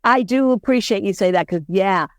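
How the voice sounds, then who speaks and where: A woman's voice: normal speed, no room sound, studio quality. A woman co-hosting a podcast, talking casually and telling stories with lots of animation. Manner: animated storyteller, lively swings in pitch. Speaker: podcast co-host. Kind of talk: casual conversation.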